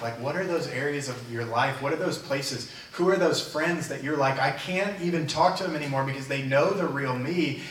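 A man's voice: medium pitch, fairly bright tone, reverberant, distant mic, poor audio. A man preaching a sermon as a pastor in a church, earnest and conversational, talking plainly to his congregation. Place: church sanctuary.

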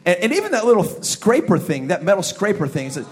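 Young male pastor, high voice, comic storyteller, punches lines with shouts. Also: fairly quick, a faint crowd. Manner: animated storytelling with sound effects and shouted emphasis. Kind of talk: comedic sermon. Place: church service with live congregation.

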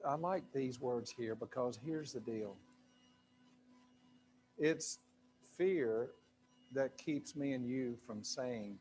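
This pastor's mid-range, slightly mellow voice moves slowly with long pauses as he preaches to a live congregation in a church sanctuary. His sermon is loose and chatty, packed with fillers and asides, and soft music plays in the background.

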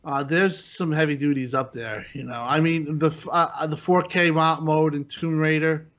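A man's voice: fairly high pitch, steady tone, fairly bright tone. Rambling man on dull lo-fi audio. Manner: rambling, halting, restarts often. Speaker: podcast co-host. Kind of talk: casual gaming panel chat.

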